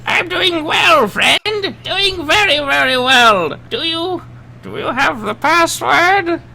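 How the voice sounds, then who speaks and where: Man putting on a boisterous high voice, loud, gushing, lively swoops, tabletop game. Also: takes it slowly, gravelly, full character voice. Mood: cheery. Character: excitable male voice through a magic stone, boisterous.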